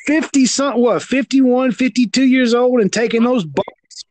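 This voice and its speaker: A man with a Southern American accent chatting about wrestling, animated, restarting his sentences. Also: very high-pitched, normal speed. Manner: animated, stammering restarts, loud impressions. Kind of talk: casual wrestling chat.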